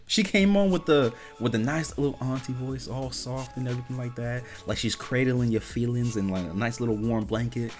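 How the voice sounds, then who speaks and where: A man's voice: medium pitch, brisk, few pauses, a little mellow, soft background music. A man giving reaction commentary on clips, exasperated and incredulous, firing off rhetorical questions.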